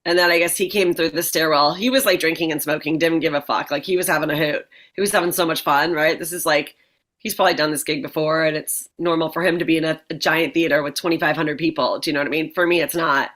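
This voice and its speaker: A woman in her forties with a fairly low voice talks loosely as an interview guest. She is a comedian who laughs easily and swears without a second thought. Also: steady tone, fast talker, fairly bright tone. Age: 40s. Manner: chatty, laughing, swears freely. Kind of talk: casual interview chat.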